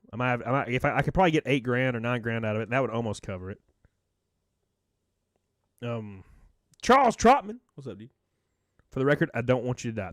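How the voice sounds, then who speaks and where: A man's voice: mid-range voice, dry recording, clean studio sound. A man live-streaming in a casual, rambling way, joking, swearing freely and thanking his viewers by name.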